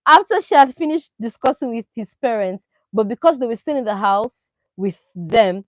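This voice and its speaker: A woman doing casual, opinionated commentary on a reality show, animated and full of rhetorical questions. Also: on the high side, moderate pace, no room sound, low-quality recording. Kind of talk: casual chat.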